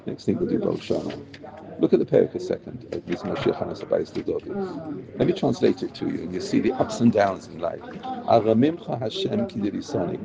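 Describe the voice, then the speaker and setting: A man's voice: lowish voice, expressive, a little fast, creaky, lo-fi sound, a crowd in the background. A man teaching a Torah class, translating prayer verses line by line with emphasis.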